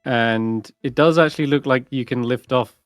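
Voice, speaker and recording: A man narrating as dungeon master, relaxed and hesitant, with plenty of fillers. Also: medium pitch, normal speed, dry recording, clean studio sound, faint music behind. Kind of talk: narrating a tabletop game.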